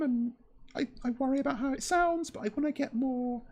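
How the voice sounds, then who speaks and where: A woman chatting casually on a stream, her voice pitched a bit high and slightly shaky. She talks in a halting, nervous way, stopping and restarting often and leaning on fillers. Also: a little mellow. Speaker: VTuber streamer.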